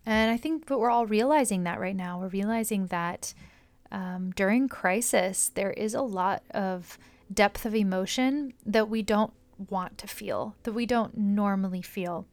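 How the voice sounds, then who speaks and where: Woman, mid-pitched voice, earnest, gentle, reflective spiritual talk, soft whispery moments. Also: unhurried.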